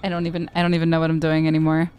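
A woman's voice: low-pitched, monotone, rapid-fire, darkish tone, smooth, soft background music. A young woman streamer chatting casually, telling rambling stories full of swearing. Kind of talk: casual chat.

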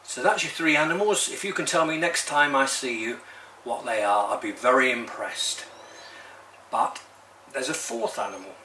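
A man reading a children's story aloud in a lively, expressive way, talking to a few listeners by name. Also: mid-range voice, normal speed, a little hiss or hum.

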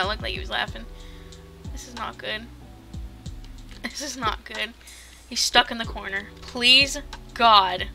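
A woman's voice: on the high side, fairly even intonation, unhurried, pauses often. Young woman swearing through gameplay. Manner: swears, panics and shouts in bursts. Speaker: gaming streamer. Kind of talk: casual gameplay commentary. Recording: music playing under the voice. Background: background music.

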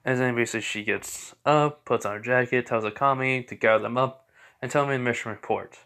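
A man's voice: medium pitch, fairly even intonation, fairly quick, sharp tone. A young man casually retelling a fan story, rambling with many fillers and restarts.

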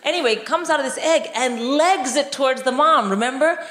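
A woman in her forties, from India, doing animated stand-up comedy on a concert hall stage, acting out voices and bursting into shouts. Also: sits high, a little fast. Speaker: comedian and co-host. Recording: roomy live hall with crowd and noise.

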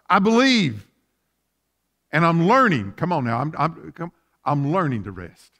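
A man's voice: sits high, a bit bright. A man preaching a sermon as pastor, asking fervent rhetorical questions.

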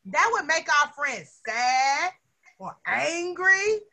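A woman's voice: sits high, sing-song, takes it slowly, bright, forceful tone. A woman teacher leading a lesson with young children, coaxing them along with lots of questions.

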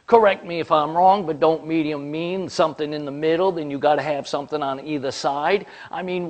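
A man voicing a grumpy older man who rants indignantly and quickly about soda sizes. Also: on the high side, highs cut off, voice pushed up, close to an everyday voice. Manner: indignant, rapid-fire ranting.

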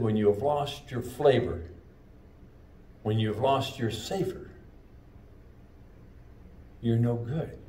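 A man preaching a sermon as pastor, with slow, emphatic delivery and drawn-out phrases. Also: on the low side, warm tone, slight background noise. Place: church sanctuary. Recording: echoey church room, mic at a distance.

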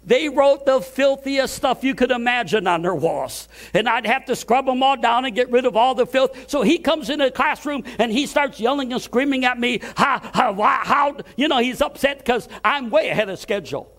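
Brief: very high-pitched male preacher, storytelling sermon, acts out the voices he quotes. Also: normal speed, hardly any pauses. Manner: repeats words when excited.

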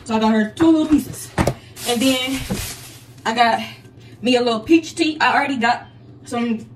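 High-voiced chatty young woman vlogging. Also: moderate pace. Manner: chatty, talks straight to viewers, slangy. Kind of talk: casual haul vlog. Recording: echoey room, distant mic, faint noise.

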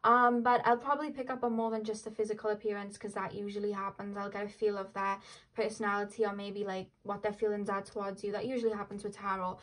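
A woman's voice: medium pitch, little pitch movement, fast talker, fairly bright tone, poor audio. Chatty woman reading tarot. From Wales. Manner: chatty, rambling, frequent "like" and "um" fillers, laughs easily. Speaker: tarot reader. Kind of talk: casual tarot reading to camera.

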